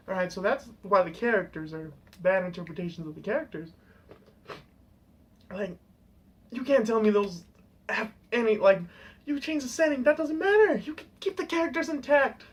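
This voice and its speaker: A man's voice: extremely high pitch, animated, fairly quick, breathy edge. A young man ranting casually on camera, rambling and swearing, saying "dude" constantly. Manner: profane, rambling, full of "dude". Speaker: vlogger. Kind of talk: casual rant.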